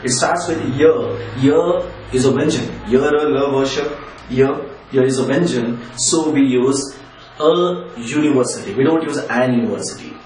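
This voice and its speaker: A man's voice: medium pitch, normal speed, a little mellow. A man with an Indian English accent teaching an English grammar lesson, patiently repeating and spelling out examples. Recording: echoey room, distant from the mic, faint ambient noise.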